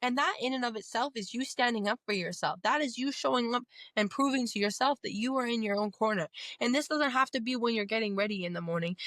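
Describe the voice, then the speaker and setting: A woman's voice: on the high side, a bit bright, no echo. A young woman hosting a self-help podcast, talking straight to the listener in an earnest, coaching way. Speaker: podcast host. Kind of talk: motivational self-help talk.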